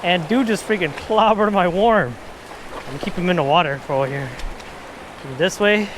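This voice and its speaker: An excitable man fishing at a river, talking to his viewers and a little out of breath, recorded outdoors on an action camera. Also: high voice, normal speed, noisy background. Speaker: fishing vlogger. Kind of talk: casual fishing vlog.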